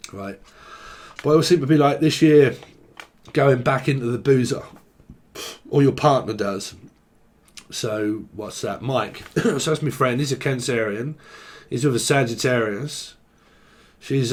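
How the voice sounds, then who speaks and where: A man's voice: mid-range voice, a little mellow. A man giving a loose, rambling tarot reading, joking, swearing casually and free-associating on words as he goes. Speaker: tarot reader.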